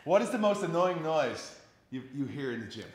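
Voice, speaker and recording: A man's voice: on the high side, sing-song, moderate pace. A man hosting a workout, joking and laughing often in casual gym banter. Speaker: host. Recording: echoey gym with background noise.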